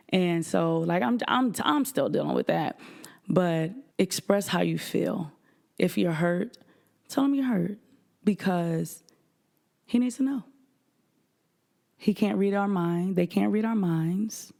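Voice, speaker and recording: Frank, gravelly-voiced woman giving marriage advice. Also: on the low side, dark tone. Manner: frank, confiding, addresses listeners as y'all. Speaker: podcast host. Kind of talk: candid faith-based advice talk.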